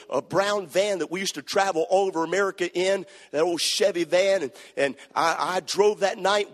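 A male preacher telling a story in a sermon, with folksy repetitions that rise to shouting. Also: high voice. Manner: folksy storytelling, repeats words, builds to shouting. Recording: long church hall reverb.

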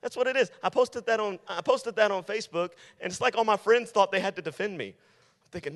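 A man's voice: sits high, lively intonation, quick pace, a bit bright, long reverb tail. A male youth pastor preaching to teenagers in an emphatic style, repeating his key lines. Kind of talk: sermon.

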